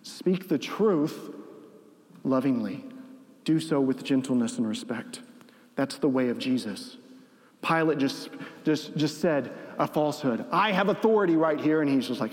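A man preaching a sermon as pastor, animated, acting out the lines he quotes. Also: a little high, a little slow. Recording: long reverb of a large hall.

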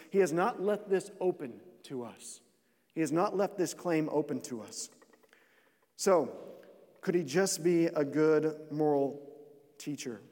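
A man's voice: on the high side, moderate pace, darkish tone, big-room sound. A pastor preaching a sermon, earnest, repeating phrases and restarting lines as he builds his points.

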